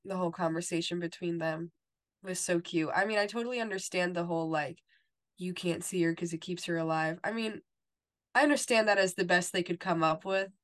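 Lower-voiced woman saying "like" a lot. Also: brisk. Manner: fills talk with "like" and "you know". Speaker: podcast co-host. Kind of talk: casual TV recap chat.

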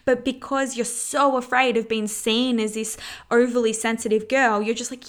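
A woman hosting a solo podcast in a loose, chatty way. Her voice is smooth and clear. She talks openly, swears without holding back, and fills her sentences with "like" and "you know.". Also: fairly high pitch, moderate pace. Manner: frank and candid, swears freely. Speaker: podcast host. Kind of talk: casual solo podcast talk.

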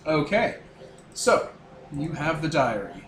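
A man's voice: on the high side, sing-song, takes it slowly. A man running a tabletop game as game master, explaining at length with many fillers. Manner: rambling, filler-heavy explaining. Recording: roomy echo, noisy background.

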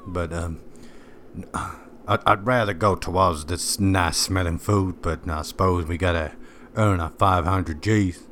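A man's voice: deep voice, fairly even intonation, a little slow, a bit bright, a little hiss or hum. A man playing a tabletop game in casual chat, often hesitant and stammering. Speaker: player. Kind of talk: casual role-play chat.

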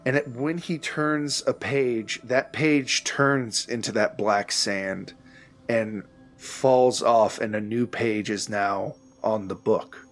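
A man narrating a tabletop game as game master, loose and unhurried, correcting himself as he goes. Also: fairly low pitch.

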